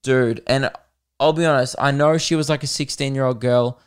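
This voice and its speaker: A young man, hosting a podcast and telling a comedic story in an animated, swearing way, laughing at his own jokes. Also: medium pitch, normal speed, smooth. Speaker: podcast host.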